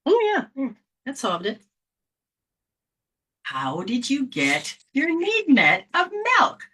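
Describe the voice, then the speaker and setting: Animated woman teaching a healing lesson. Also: on the high side, slow, husky. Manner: animated, acts out scenes, casual slang and mild swearing. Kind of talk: informal spiritual lesson.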